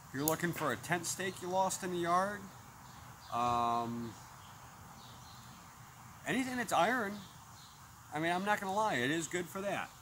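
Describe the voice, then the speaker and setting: In a casual outdoor review, a man whose voice is on the high side and fairly bright calls out the detector's tones as he tests coins and metals in a yard. He's plainspoken; the audio is poor, with outdoor noise behind him.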